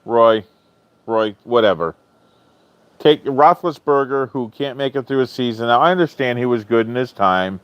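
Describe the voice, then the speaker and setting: A man hosting a live stream in casual chat, answering viewers' comments in a chatty, animated way, swearing freely and often laughing. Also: mid-range voice, normal speed, smooth, no echo. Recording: dull lo-fi stream audio, dry.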